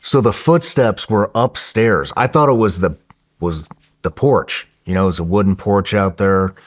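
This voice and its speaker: A man telling a story in a podcast interview in a casual, profane, excitable way, often restarting his sentences. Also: lowish voice, normal speed.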